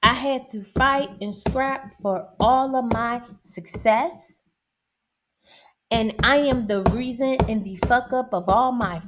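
Blunt, animated woman in her fifties. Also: fairly high pitch, a little hiss or hum. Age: 50s. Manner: blunt, profane, emphatic, laughs often. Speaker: host. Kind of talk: casual monologue.

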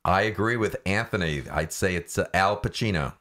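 A man co-hosting a casual podcast chat, quick to exclaim and agree. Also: sits low, a bit bright. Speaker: show host.

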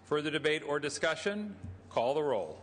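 A man's voice: fairly high pitch, big pitch swings, normal speed. A middle-aged man presiding over a legislative floor session, stating motions and rulings in formal procedural language. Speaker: presiding officer. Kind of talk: formal parliamentary chairing. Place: large legislative chamber. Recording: reverberant chamber with faint room hum.

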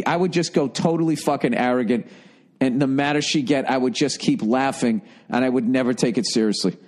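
A middle-aged man hosting a comedy advice podcast, reading listener letters and riffing loudly with profanity. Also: mid-range voice, fairly quick. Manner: loud, profane, animated riffing with mocking put-on voices. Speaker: podcast host giving advice.

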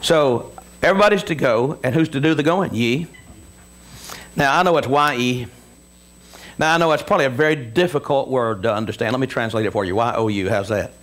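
A male pastor preaching a sermon to his congregation, asking them questions and swinging between booming emphasis and quiet low asides. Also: brisk. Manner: call-and-response preaching, asks the congregation questions.

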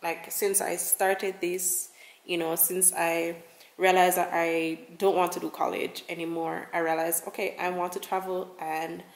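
A woman's voice: fairly low pitch, level tone, measured pace, roomy sound. A young woman travel vlogger talking casually to camera in a rambling, effusive way, often repeating her words.

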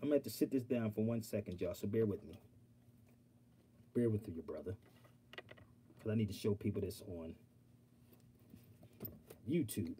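A man hosting an online livestream, talking straight to his viewers in an animated, preachy way and reading aloud from a law dictionary. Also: fairly low pitch, moderate pace, pauses often, a little hiss or hum. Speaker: online show host. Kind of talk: casual livestream talk.

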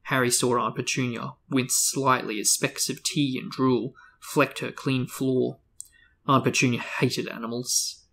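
A man hosting a book discussion, reading a novel aloud with steady, even storytelling. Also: medium pitch, measured pace, gravelly.

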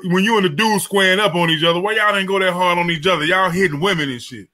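A man's voice: high-pitched, quick pace, over a noisy crowd. A man from the American South, telling stories in a heated, emphatic way in a casual comedy chat.

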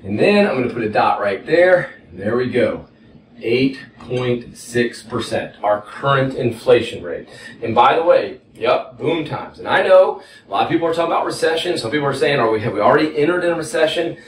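A man's voice: mid-range voice, animated, fairly quick, roomy sound, distant mic, a little hiss or hum, low-quality recording. A man with a Texas accent teaching economics at a whiteboard, folksy and conversational, often checking in with "okay?". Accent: Texan. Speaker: economics instructor. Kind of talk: whiteboard lecture.

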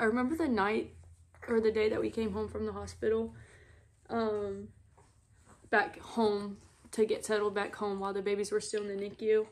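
A woman's voice: mid-range voice, level tone, darkish tone. Tearful young mother. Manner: tearful, halting, many "like" fillers. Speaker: mother vlogger. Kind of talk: emotional personal storytelling. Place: at home on a couch.

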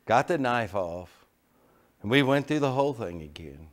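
A middle-aged man preaching a sermon, telling folksy stories and moving between quiet asides and loud emphasis. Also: medium pitch, lively intonation, moderate pace. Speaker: pastor. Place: church sanctuary.

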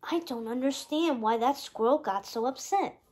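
A woman reading a storybook, voicing a bossy, huffy little fairy woman in a high voice. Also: normal speed, darkish tone. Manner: huffy and commanding.

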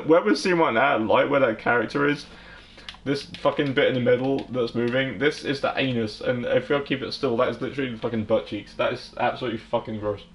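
A man delivers crude, rambling commentary over a game at a middling pitch. He laughs often, and a faint background noise runs beneath his voice. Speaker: gaming channel host.

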